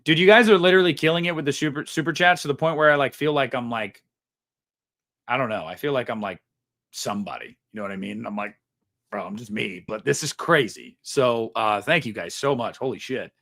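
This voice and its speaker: A man hosting a live stream, reading viewer donations aloud and chatting about them in a relaxed, rambling way full of slang and fillers. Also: medium pitch, fairly quick, vocal fry. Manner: chatty, laid-back, lots of fillers and slang. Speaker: livestream host reading super chats. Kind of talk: casual live stream chat.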